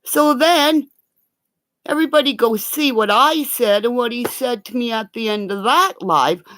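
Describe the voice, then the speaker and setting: A woman in a rambling, profane livestream rant that breaks into sudden shouting. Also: a little high, a little slow, no echo, clean studio sound. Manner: profane, erratic, bursts into shouting.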